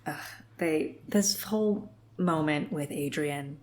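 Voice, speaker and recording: A woman's voice: sits low, slow pace, darkish tone. A woman co-hosting a podcast in casual chat, laughing often and acting out characters as she retells a story. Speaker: podcast co-host. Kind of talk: casual book-club chat.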